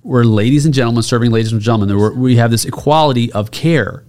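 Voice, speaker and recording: A man's voice: medium pitch, fast, darkish tone. A man hosting a podcast interview, making long reflective points in a conversational way. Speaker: podcast host.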